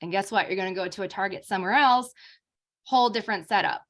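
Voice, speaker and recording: A woman's voice: mid-range voice, quick pace, a bit bright. A young adult woman giving an informal lecture as a speech therapist, talking casually with many fillers.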